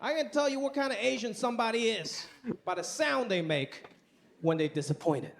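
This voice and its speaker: A man performs stand-up comedy in a club, recorded live with a laughing audience, telling animated stories with a punchy delivery. He has an extremely high voice with vocal fry, speaks at a normal speed, and there's a little hiss or hum.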